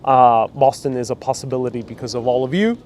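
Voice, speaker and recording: A chatty New York man, a vlogger, live-streams outdoors, answering viewer comments in casual, rambling talk full of fillers and restarts. His mid-range voice has a darkish tone and a quick pace, with a little hiss or hum.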